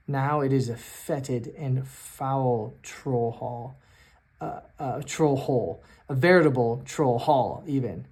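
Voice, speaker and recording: Man, mid-pitched, running a solo tabletop game; halting, thinks aloud. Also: warm tone. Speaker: solo game master and player. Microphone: self-recorded on camera.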